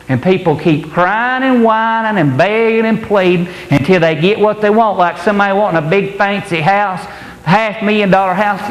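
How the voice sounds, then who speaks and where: Male preacher, emphatic and folksy, high-pitched, long hall reverb. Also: moderate pace. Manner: emphatic, colloquial, repetitive preaching. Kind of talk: sermon. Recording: echoey hall, roomy reverb.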